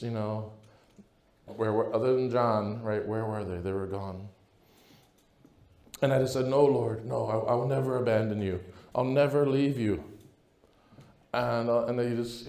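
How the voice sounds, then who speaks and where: A man's voice: medium pitch, darkish tone, reverberant. A priest telling his story at a conference, earnest and conversational, often checking in with "right?". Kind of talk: conference talk, personal testimony. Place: large hall at a conference.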